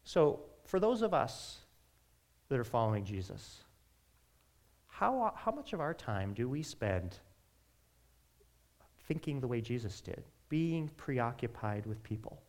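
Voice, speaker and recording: A man preaching a sermon in a conversational, animated way, with quick asides to his listeners. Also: medium pitch. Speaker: pastor.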